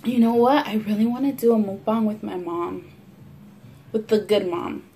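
A young woman with a Los Angeles Chicano English accent tells stories animatedly between bites, swearing freely. Her voice sits at a middling pitch for a woman. She talks casually into a camera set on the table at home. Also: moderate pace, slight background noise. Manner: profane, animated storyteller. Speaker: mukbang vlogger. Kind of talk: casual storytelling while eating. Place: home, near a window at sunset.

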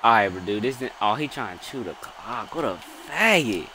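A young man giving loud, excited commentary while playing a football video game, swearing and bursting into shouts. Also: lowish voice, normal speed. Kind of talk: excited live gameplay commentary. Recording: loud game crowd noise behind. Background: game stadium crowd.

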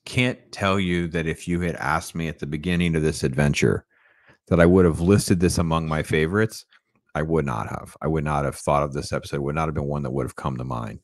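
A man with a deep, low voice hosts a casual, enthusiastic cartoon review. He talks straight to the listener and keeps checking in as he goes. The sound is dry and close, with no room around it. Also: no echo. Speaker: host.

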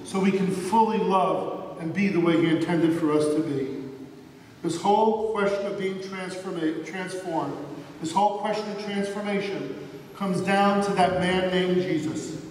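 A man preaching a sermon as pastor, earnest, slowing down to stress key points. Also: sits high, slight background noise. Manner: earnest, slows down for emphasis. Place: church sanctuary. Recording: echoey church hall from far off.

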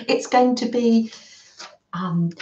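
A British woman hosting a live craft stream, warmly welcoming viewers by name and chatting as she works. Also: fairly high pitch, roomy sound, lo-fi sound. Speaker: craft livestream host.

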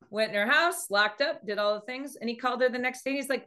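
A woman giving a motivational talk on dating as a coach, telling stories lively and acting out quoted speech in changing voices. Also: fairly high pitch, fast, few pauses. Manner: animated storytelling, acts out quoted speech.

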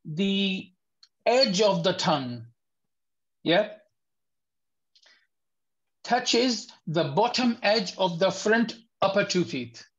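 A man's voice: sits high, lively intonation, highs cut off. Patient man teaching letter sounds. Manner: patient, repeats sounds slowly, asks if it is clear. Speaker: Quran recitation teacher. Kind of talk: online tajweed lesson.

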